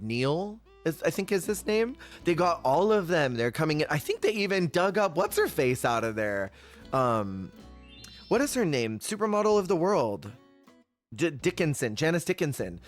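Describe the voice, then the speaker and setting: Guy streamer rambling about reality tv, acts out the quotes, chill game music faint underneath. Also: a little high. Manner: animated storyteller who acts out quotes. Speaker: Twitch streamer. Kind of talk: casual stream chat while gaming.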